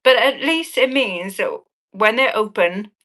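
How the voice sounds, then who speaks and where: A woman's voice: fairly high pitch, unhurried, fairly bright tone. A woman selling earrings on a live stream, chatting cheekily with viewers and swearing with a laugh. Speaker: online auction seller.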